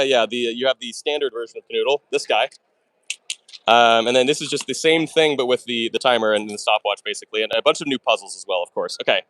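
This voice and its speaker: A man hosting a live puzzle stream, rattling off his thinking at speed and breaking into excited exclamations. His voice sits at a middling pitch, and the sound is close and dry with no room around it. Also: no echo. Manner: fast and chatty, talks through his moves. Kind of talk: live stream chat while solving puzzles.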